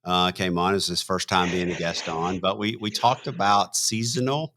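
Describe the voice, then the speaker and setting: A man with a very low voice co-hosts an online talk show from a video call. He talks in a relaxed, meandering way, laughing easily as he recaps things for his co-hosts. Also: moderate pace, noisy background. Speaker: co-host. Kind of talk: casual chat.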